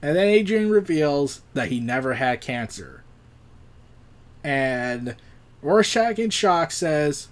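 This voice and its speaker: A man's voice: fairly high pitch, big pitch swings, slow pace. A man casually recapping a comic book issue, rambling with restarts. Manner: rambling, with restarts and acted quotes.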